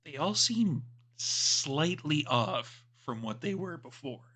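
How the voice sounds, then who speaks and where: A man's voice: a little high, big pitch swings, slow pace, bright, forceful tone, husky. A man narrating a tabletop game as game master, describing scenes in a loose, rambling way.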